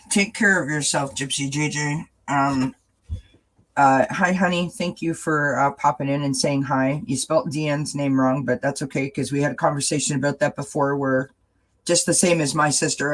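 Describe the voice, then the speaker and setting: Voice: mid-range voice, steady tone, moderate pace, rough recording. A host of a tarot chat stream reading oracle cards in a casual, rambling way. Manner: rambling and warm-hearted, with many fillers.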